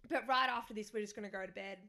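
A woman's voice: medium pitch, rapid-fire, pushed and bright. A young woman co-hosting a podcast from her couch, rambling and giggly, often losing her thread. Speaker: podcast co-host. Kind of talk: casual chat. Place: living room of a new house, on a couch. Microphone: studio mic with pop filter.

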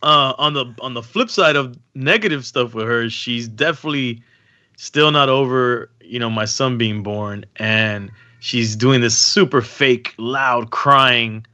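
A man's voice: medium pitch, unhurried, bright, forceful tone. A young adult man hosting a podcast, telling stories in casual chat with lots of restarts and slang. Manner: rambling storytelling with many restarts and slang. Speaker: podcast host.

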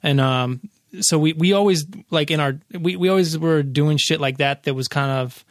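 A man's voice: on the high side, moderate pace, no room sound, clean studio sound. Laid-back man telling rambling stories. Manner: loose, profane storytelling with many fillers. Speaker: podcast guest, rapper. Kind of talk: casual podcast chat.

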